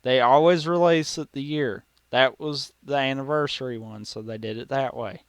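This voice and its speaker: A man's voice: medium pitch, normal speed, clean tone, dry recording. A man co-hosting a casual gaming podcast, blunt and sardonic, swearing freely when he mocks things. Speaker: podcast co-host. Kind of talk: casual chat.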